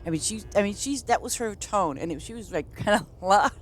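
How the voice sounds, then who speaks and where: Blunt, rambling woman with a lively voice. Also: mid-range voice, a little fast, a little hiss or hum. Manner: blunt, rambling, laughs a lot. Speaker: streamer. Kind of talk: casual chat while gaming on stream.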